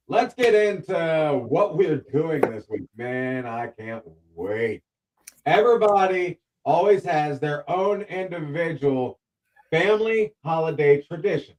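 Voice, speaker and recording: A man hosting a relaxed talk show, his voice sitting a little higher than most men's. He talks in a playful, teasing way, quick to joke with his co-hosts. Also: rough recording. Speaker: host. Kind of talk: casual talk show chat.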